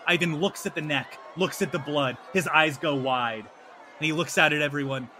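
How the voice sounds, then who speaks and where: A man narrating a tabletop game as game master, with animated, slapstick delivery. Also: a little high, normal speed, some chatter behind, slight background noise.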